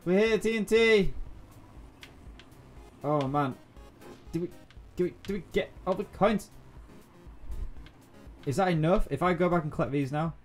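A young adult man giving let's-play commentary, excitable and thinking aloud, often repeating himself as he plays. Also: fairly high pitch, moderate pace, pauses often. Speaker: gaming YouTuber. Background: faint game music.

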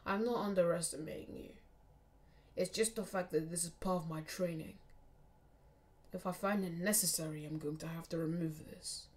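A woman voicing a determined teenage boy ninja hero in a low, hushed delivery while retelling a fan story. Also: steady tone, normal speed, close to an everyday voice. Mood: calm.

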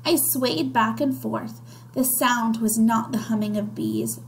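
A woman's voice: a little high, a little hiss or hum, low-quality recording. A woman reading a children's novel aloud, narrating expressively in the first person. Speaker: reader.

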